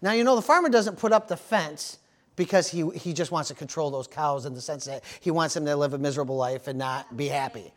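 A man pastor preaching a sermon, telling animated stories and calling out "amen" and "praise the Lord". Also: fairly high pitch, brisk. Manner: animated storytelling with amens and praise interjections.

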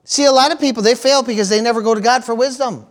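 With fairly even intonation, a high-voiced pastor preaches fast to his congregation. His sermon runs on call-and-response, punctuated by amens and praise-the-Lords, and he hammers points through repetition.

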